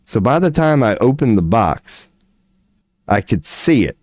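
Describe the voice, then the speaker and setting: A man hosting a livestream, telling a long story in a rambling, animated, slangy way with plenty of swearing. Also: mid-range voice, measured pace, no room sound, studio quality. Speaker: livestream host.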